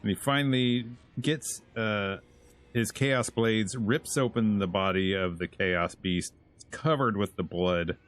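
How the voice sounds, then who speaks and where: A man hosting a casual comic book review, retelling the story in an animated way and chuckling as he goes. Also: deep voice. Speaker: host.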